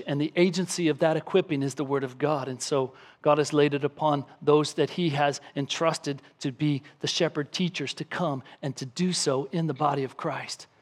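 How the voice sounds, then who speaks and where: A man with a high-pitched voice preaches to his congregation. He reads scripture aloud and drives his points home with emphatic repetition. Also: steady tone, normal speed. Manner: emphatic preaching, acts out a crying baby with shouts. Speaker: pastor. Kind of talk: sermon.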